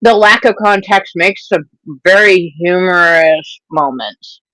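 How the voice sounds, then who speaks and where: Bright, high-voiced man with wry remarks. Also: takes it slowly, no room sound, poor audio. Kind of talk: casual chat.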